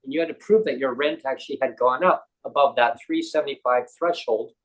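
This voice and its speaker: A man's voice: medium pitch, a little fast, poor audio. A man with a Canadian accent, a guest on a talk show. He tells a personal story in a loose, conversational way. Now and then he acts out what other people said to him. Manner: animated, acts out quoted voices of others.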